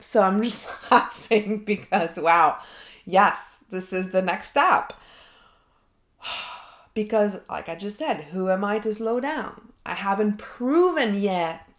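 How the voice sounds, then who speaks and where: A woman's voice: medium pitch, echoey room. A woman coach talking herself through an unscripted coaching session, reflective and thinking aloud. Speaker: life coach. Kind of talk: unscripted self-coaching monologue.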